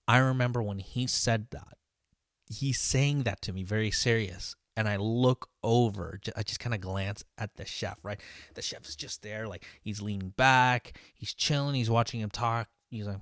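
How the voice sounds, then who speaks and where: A man's voice: on the low side, moderate pace, no room sound. Brief: line cook, male, casual profane storyteller, dry recording. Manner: profane, venting, animated.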